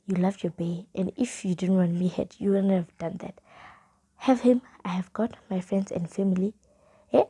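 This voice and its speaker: A young South African woman with a South African accent, casually telling a storytime vlog and reading old chat messages aloud in a soft, half-whispered way. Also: mid-range voice, gravelly, husky. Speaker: vlogger.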